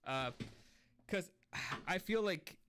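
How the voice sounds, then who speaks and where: A man's voice: high voice, expressive, takes it slowly, a bit bright, a little hiss or hum. A man hosting a casual spoken film review, rambling and easily sidetracked, with many restarts. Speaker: movie reviewer and channel host.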